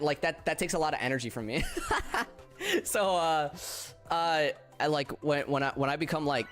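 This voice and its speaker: A tired man chats casually with his viewers during a game stream. His fairly high voice is flat and subdued, and he stumbles over restarts as he talks. Faint music plays underneath. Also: moderate pace. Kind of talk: casual livestream chat with viewers.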